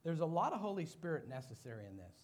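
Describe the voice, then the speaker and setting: A man's voice: on the high side, fast talker. A middle-aged man giving a sermon-style talk, telling personal stories and acting out what others said. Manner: animated storyteller acting out quoted voices. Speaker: business owner giving a talk.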